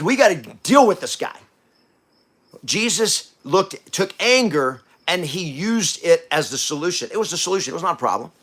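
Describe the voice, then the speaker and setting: Preachy high-voiced man. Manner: preachy, swings from quiet to loud; coarse language, blunt. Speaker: podcast host. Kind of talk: motivational talk.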